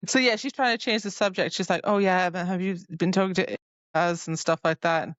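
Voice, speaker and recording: A woman's voice: on the low side, fairly even intonation, fairly quick, no room sound. A woman co-hosting a casual book-club podcast, chatting about a novel and filling her retelling with "like". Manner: chatty, retells scenes with lots of "like". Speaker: podcast co-host. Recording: dull lo-fi sound.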